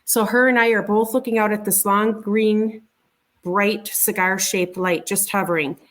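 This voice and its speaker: Halting middle-aged woman telling a story. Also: medium pitch, fairly even intonation, fairly bright tone. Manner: halting, repeats words and restarts often. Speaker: interview guest recounting a sighting. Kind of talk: conversational storytelling.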